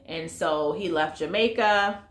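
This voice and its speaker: A woman's voice: on the low side, unhurried. Chatty woman in an echoey room. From United States. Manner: chatty, lots of fillers, addresses viewers as y'all. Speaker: movie reviewer. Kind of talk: casual to-camera vlog review.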